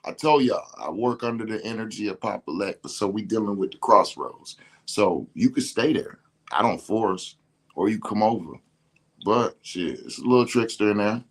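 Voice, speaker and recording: A man's voice: fairly low pitch, expressive, normal speed. Slangy man on a rant. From Detroit. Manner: emphatic, slangy, repeats himself. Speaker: podcast host. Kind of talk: casual spiritual rant.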